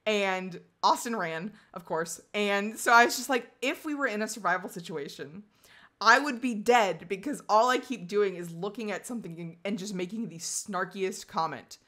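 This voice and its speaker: A woman co-hosting a casual chat, telling an animated story with frequent laughter and sarcastic asides. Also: mid-range voice, moderate pace. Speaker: podcast co-host.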